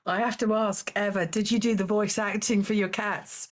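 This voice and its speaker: A woman's voice: mid-range voice, steady tone, normal speed. A woman hosting a charity game stream, chatting loosely and giggling, tripping over her words. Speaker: taskmaster host of a charity stream. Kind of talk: casual live-stream banter.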